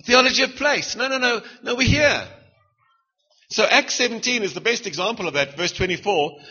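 A middle-aged man with a South African accent preaches in a lively, joking way, throwing question after question at his listeners. His voice sits high and bright with a husky edge. The recording sounds dull and lo-fi. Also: normal speed. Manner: lively, punchy, humorous preaching with rhetorical questions. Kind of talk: sermon.

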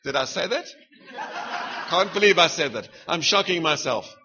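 Middle-aged south african guy preaching, high husky voice, jokey and punchy, dull lo-fi recording. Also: moderate pace, noisy background. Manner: lively, punchy, humorous preaching with rhetorical questions. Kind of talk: sermon.

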